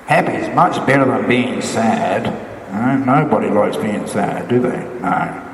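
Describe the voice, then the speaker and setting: Slow-talking monk in an echoey hall. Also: male voice, fairly low pitch, slight background noise. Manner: coaxing, questioning tone with frequent "huh?"; speaks simply as if to small children. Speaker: Buddhist monk. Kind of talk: Dharma talk for children. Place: temple hall. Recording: echoey hall from a distant mic.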